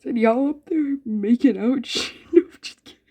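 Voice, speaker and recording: A woman's voice: fairly high pitch, normal speed, dark tone, breathy edge. A woman, a gaming YouTuber, reading a story game aloud with running commentary, giggling often and swearing freely. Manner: giggly, profane, frequent laughter.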